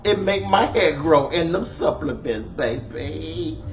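A man's voice: a little high, animated, slow pace, dull audio, a little hiss or hum. A middle-aged man, doing a comedic monologue of relationship advice, exclaiming and hamming it up in a bold persona.

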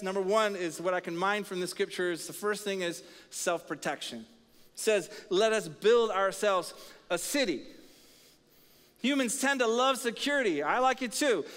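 In a big church auditorium where a long reverb tail trails his words, a male pastor with a high-pitched voice preaches energetically. He gets the congregation answering him in call-and-response.

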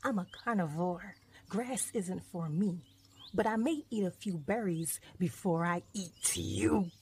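Fierce male wolf pack leader, read by a woman, slow and threatening, storybook voice. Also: on the low side, a little mellow, a little hiss or hum, close to an everyday voice. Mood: menacing. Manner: menacing, threatening.

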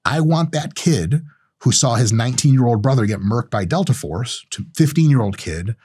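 Hosting his own show, a man delivers a loose, lively monologue full of profanity, his pitch leaping around when he imitates other people's reactions. He talks at a moderate pace, and his voice is a little rough.

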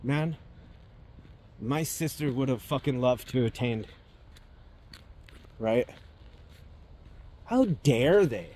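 A man's voice: medium pitch, lively intonation, takes it slowly, pauses often, darkish tone, a little hiss or hum. A man giving a personal monologue, talking bluntly and swearing often, with sudden emphatic swells.

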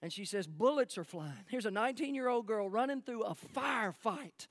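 A man preaching a sermon as pastor, telling a story emphatically and then dropping to hushed tones. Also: high-pitched, expressive, moderate pace, no room sound. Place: church sanctuary.

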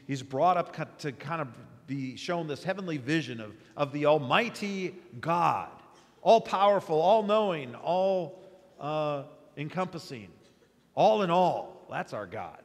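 A man preaching a sermon as pastor, with an animated delivery that rises sharply on repeated words. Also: fairly high pitch. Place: church sanctuary. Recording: long hall reverb.

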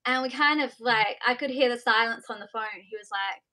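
Bubbly high-voiced woman singer. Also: fairly quick, sharp tone, poor audio. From Australia. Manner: chatty, bubbly, giggly. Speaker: singer, guest. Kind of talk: casual live interview chat. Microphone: video call.

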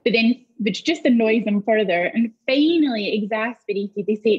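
Scottish woman, comic guest on a panel, higher voice with husky edge, lively storyteller, dull lo-fi audio. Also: moderate pace. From Scotland. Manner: animated storytelling with acted-out dialogue. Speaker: comedian guest.

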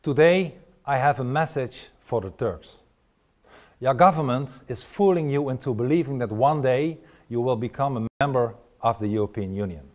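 A man's voice: medium pitch, normal speed. A man with a Dutch accent giving a blunt, declarative political speech.

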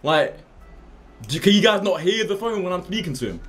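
Excitable streamer. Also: male voice, fairly quick. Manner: loud, excitable trash talk, swinging into high shouts. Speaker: gaming streamer. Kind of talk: live game streaming commentary. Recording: faint music behind.

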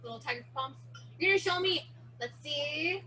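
A teenage girl runs a kids' martial arts challenge over a video call, playful and chatty as she explains each step. Her voice is very high and bright, with a faint hum behind it. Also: lively intonation, moderate pace. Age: teen. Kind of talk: virtual kids' class instruction.

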